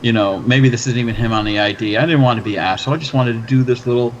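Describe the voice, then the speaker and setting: A man's voice: medium pitch, very fast. Profane man telling a bar story. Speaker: podcast host. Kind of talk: casual storytelling chat. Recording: slightly dull, faint background noise.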